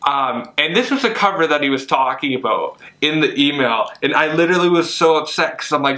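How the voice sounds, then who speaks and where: A young man chatting casually while unboxing comics, excitable and full of fillers and gushing. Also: medium pitch, moderate pace, hardly any pauses. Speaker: comic collector vlogger. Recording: echoey room.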